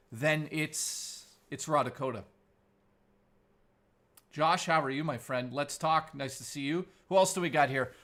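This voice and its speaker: A man hosting a live stream, chatting casually with his viewers and trading crude, playful jokes with them. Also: fairly high pitch. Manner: crude, joking banter with chat; animated, playful. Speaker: livestream host.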